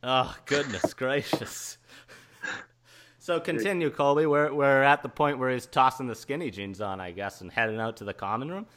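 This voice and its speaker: Podcast host dude, jokey and teasing, keeps the chat moving. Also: male voice, medium pitch, normal speed, a bit bright, a little hiss or hum. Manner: jokey, teasing, steers the conversation.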